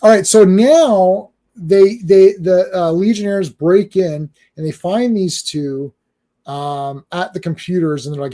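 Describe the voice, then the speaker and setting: A man's voice: sits high, measured pace, warm tone. A man hosting a comics podcast in casual chat, rambling along while he reads, often stammering and repeating words as he thinks aloud.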